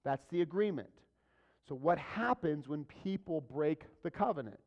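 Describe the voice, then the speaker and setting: A man delivering a sermon in a fairly high voice, teaching in a casual way and asking the congregation question after question. The recording sounds dull and lo-fi. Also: animated, unhurried, a little mellow. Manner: conversational preaching with rhetorical questions. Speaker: pastor.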